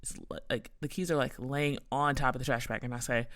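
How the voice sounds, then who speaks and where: A woman's voice: very deep voice, fairly even intonation, brisk, dry recording, studio quality. A young woman hosting a podcast, telling a story in a casual, rambling way full of "like" fillers. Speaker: podcast host.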